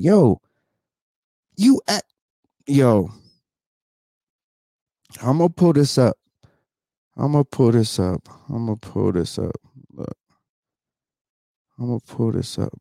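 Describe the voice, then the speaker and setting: A man's voice: medium pitch, vocal fry, warm tone, no echo, clean studio sound. Emotional profane man in his thirties. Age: 30s. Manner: profane, repetitive, keeps asking "you know what I'm saying". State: tearful, sighing. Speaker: vlogger. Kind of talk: emotional unscripted rant to camera.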